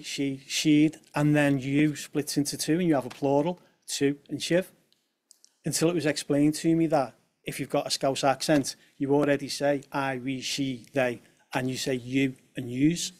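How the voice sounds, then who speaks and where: A man's voice: fairly high pitch, darkish tone. A young man from presents a talk to an audience and drops in light humorous asides. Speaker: speaker at a talk on language.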